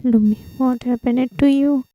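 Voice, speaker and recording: A woman's voice: high-pitched, steady tone, moderate pace, dull audio, natural voice. A woman reading the part of an anxious young woman student who pleads with her uncle for help.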